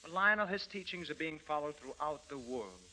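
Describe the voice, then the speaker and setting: Lively man doing a pompous mock-Russian actor. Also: fairly high pitch, normal speed, low-quality recording. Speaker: comedian host. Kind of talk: 1940s radio comedy acting. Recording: old radio recording with music.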